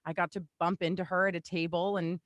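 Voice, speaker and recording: A woman's voice: lowish voice, level tone, a little fast, no room sound. A woman joining a casual podcast by remote call, bubbly and gushing as she talks.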